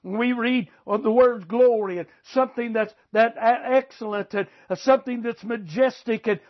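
A middle-aged man preaches with fervent emphasis and keeps calling out to his listeners. His voice sits very high for a man. The recording sounds dull and lo-fi. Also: steady tone, moderate pace. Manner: fervent, emphatic, calls out to the congregation. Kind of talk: sermon.

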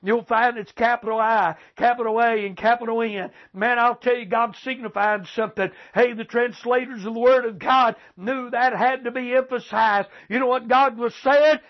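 Male preacher, very high voice, fervent and emphatic, dull lo-fi recording. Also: steady tone, moderate pace, hardly any pauses. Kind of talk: sermon.

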